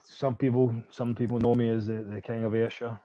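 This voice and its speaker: A man's voice: medium pitch, little pitch movement, fairly quick, warm tone, muffled recording. A Scottish man, a rugby player guest, chatting casually in a laid-back, self-mocking way. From Scotland. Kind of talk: casual chat.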